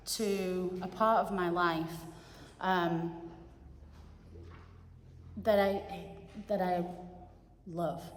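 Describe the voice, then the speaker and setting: Woman, middle-aged, slightly low voice, earnest, pausing, congregation reflection, roomy chapel echo. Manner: earnest, pausing, searching for words. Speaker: guest speaker giving a reflection. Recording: echoey chapel with long reverb.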